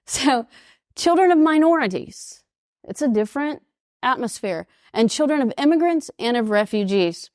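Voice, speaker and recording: A woman in her fifties with an East Texas accent gives a lively talk to an audience. Her voice sits a little high, and the sound is close and dry. She acts out the voices in her stories as she tells them. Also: moderate pace, no echo. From United States. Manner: lively storyteller who acts out quoted voices. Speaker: speaker at an international school.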